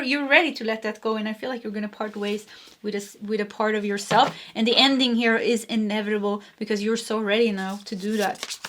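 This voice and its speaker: Woman, tarot reader, slightly high voice, chatty, rambling, soft laughs. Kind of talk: casual spoken tarot reading.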